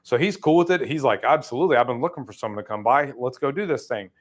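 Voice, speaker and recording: A middle-aged man leading a sales training, telling stories casually and acting out quoted lines with sudden jumps in pitch. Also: expressive, fast talker. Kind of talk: casual training talk with storytelling.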